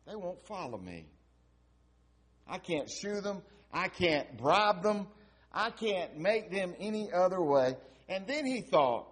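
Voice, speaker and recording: Slow, lively-pitched preacher man. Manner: dramatic storytelling, swinging from loud to hushed. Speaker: pastor. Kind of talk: sermon.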